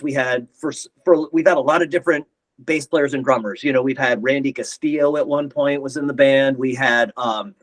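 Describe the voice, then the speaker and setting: A man's voice: mid-range voice, rough recording. A middle-aged man, a guitarist, telling band stories in a casual interview, rambling and acting out quotes. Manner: rambling anecdotes, acts out quotes. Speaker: guest guitarist.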